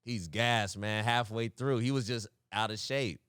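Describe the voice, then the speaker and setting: A young man co-hosting a podcast, telling a story in casual chat, animated and laughing often, acting out voices. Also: fairly low pitch, measured pace, smooth, dry recording, studio quality. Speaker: podcast co-host.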